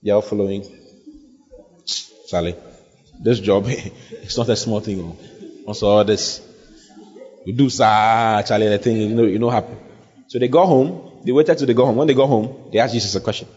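A man's voice: on the low side, moderate pace, long pauses, darkish tone, slightly rough. A man preaching a sermon as pastor, repeating phrases and building emphasis. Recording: dull sound with long hall reverb.

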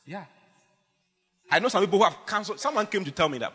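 A man preaching a lively, humorous sermon as pastor, teasing his congregation with bursts of shouting. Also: sits high, fairly quick, pauses often, in a large hall, a crowd in the background.

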